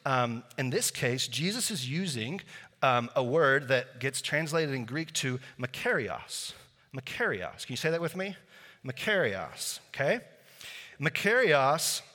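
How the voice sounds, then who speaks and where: A man preaching a sermon, conversational and joking, lively with his congregation. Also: medium pitch. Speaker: pastor. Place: church sanctuary. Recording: reverberant church hall.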